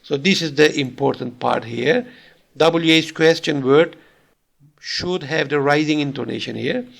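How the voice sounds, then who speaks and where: A man's voice: fairly high pitch, a little slow, gravelly. A man giving a recorded university lecture, explaining patiently with frequent fillers.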